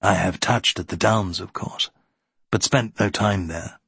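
A man voicing a gallant naval captain in a period story, measured and restrained. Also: deep voice, gravelly, a bit bright, husky, dry recording, heavily acted. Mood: polite.

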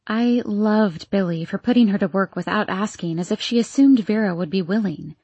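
A woman narrating a first-person novel as an audiobook, with measured, expressive storytelling. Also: medium pitch, breathy edge, no echo, dull audio.

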